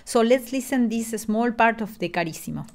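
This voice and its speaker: A woman's voice: a little high, animated, moderate pace. Lady, middle aged, explaining music stuff online, lots of uhs and restarts. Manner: explanatory, with frequent fillers and restarts. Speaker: music lecturer.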